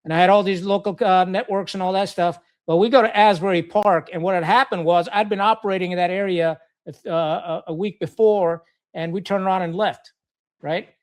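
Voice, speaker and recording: A middle-aged Pakistani man, a retired Marine officer, guests on a podcast and tells war stories in casual conversation. His voice is high-pitched and steady, his pace a little fast, and his delivery is blunt and profane, full of fillers and restarts.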